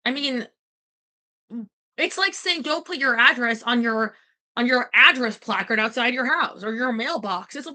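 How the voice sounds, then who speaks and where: A woman's voice: fairly high pitch, lively intonation, normal speed, bright, forceful tone. A woman venting in a casual vlog, indignant and profane, rambling with restarts. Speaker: vlogger.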